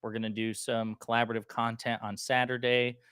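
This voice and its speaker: A man hosting a live political chat stream in a loose, joking way, stopping now and then to clear his throat from a lingering cough. His voice sits in an ordinary middle pitch. The sound is dry and close, with no room echo. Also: level tone, brisk, fairly bright tone. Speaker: political commentary livestream host. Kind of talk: casual livestream chat, reading viewer comments.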